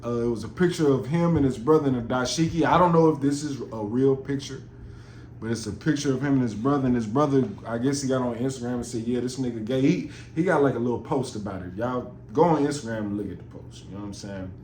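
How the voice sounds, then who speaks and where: A man's voice: medium pitch, quick pace, darkish tone. A man hosting a podcast, talking in a casual, rambling and profane monologue in a roomy recording. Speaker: podcast host. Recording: roomy with faint noise.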